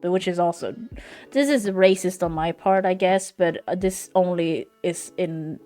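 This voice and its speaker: A woman's voice: lowish voice, measured pace, warm tone, faint music behind. Frank woman streamer. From Sweden. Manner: frank, swearing, venting in loose run-on sentences. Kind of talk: casual chat. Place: home streaming setup.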